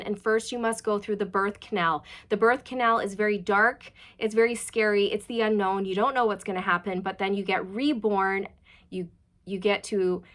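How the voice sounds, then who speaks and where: A woman giving a chatty, reassuring tarot reading and passing on channeled messages directly to her viewers. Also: medium pitch. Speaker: tarot reader.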